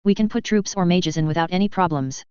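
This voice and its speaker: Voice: medium pitch, fast talker, a little mellow, clean tone, dry recording, highs cut off, lightly acted. A narrator playing a smug, scheming young officer. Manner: smug, sing-song.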